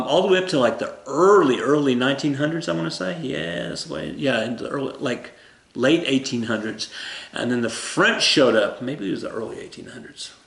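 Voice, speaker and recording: Recorded through a camera microphone with plenty of room echo, this man teaches history in a loose, joking way. His voice is mid-pitched and a little bright, and he wanders off track and fixes his own mistakes.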